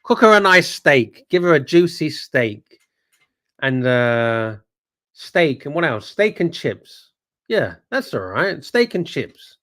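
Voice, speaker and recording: A man's voice: on the high side, very animated, slow, a bit bright. A man co-hosting a livestream, bantering casually and reacting with swearing and exclamations. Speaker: livestream co-host.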